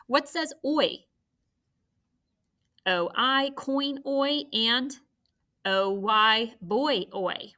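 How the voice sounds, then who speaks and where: A young woman teaches children phonics on a recorded lesson, unhurried and patient. Her voice is bright and clear, and she stretches out each sound as she models it. Her manner stays encouraging throughout. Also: a little high.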